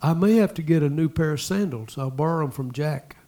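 A man preaching a sermon, talking to the congregation in asides and repeating lines as he builds to loud exhortation. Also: a little high, a little fast. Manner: impassioned, repetitive preaching that swells to loud exhortation. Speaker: pastor.

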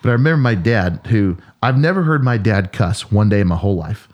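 Low-voiced pastor telling a story. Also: male voice, expressive, fairly quick, lo-fi sound. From Oklahoma. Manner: warm storyteller, acts out quoted voices. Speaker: pastor and podcast co-host. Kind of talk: casual storytelling chat.

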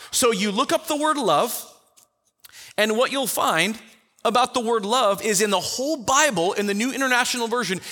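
A man teaching a Bible study in a conversational way, telling the story with lively acted-out quotes. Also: high voice, big-room sound. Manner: animated storyteller who acts out the quotes.

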